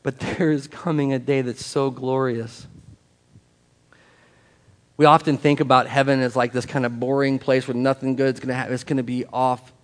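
A man's voice: mid-range voice, flat delivery, normal speed. A man pastor preaching a sermon in a church on a microphone, reading scripture, then talking plainly with casual asides and leading a prayer. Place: church sanctuary. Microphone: handheld or stand microphone.

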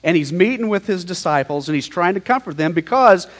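Guy preaching a sermon, kinda high voice, loose and emphatic, big echo tail. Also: expressive, fairly quick. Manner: conversational, emphatic, paraphrasing scripture in slang. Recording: long hall reverb.

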